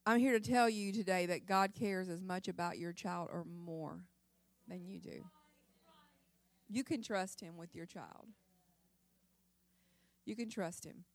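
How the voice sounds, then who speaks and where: Her voice is fairly low and a little slow, with frequent pauses. She's a middle-aged woman delivering a church testimony, recounting her story in a dramatic, emphatic manner.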